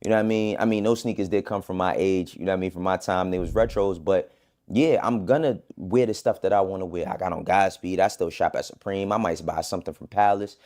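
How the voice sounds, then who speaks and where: Low-voiced man talking relaxed. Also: fast. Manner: relaxed, conversational, slangy. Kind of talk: casual talk in a played clip.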